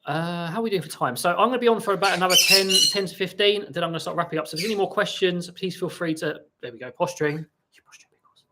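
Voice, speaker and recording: A man hosts a relaxed live stream at home, his voice sitting a touch higher than most men's. He rambles through viewer questions and keeps stopping to coo at his birds. Parrot squawks and clicks are clearly heard behind him. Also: very fast, hardly any pauses, heavy background noise. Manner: chatty, breaks off to coo and talk to his parrots. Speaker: parrot channel host. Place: home room with pet parrots. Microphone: laptop for live stream.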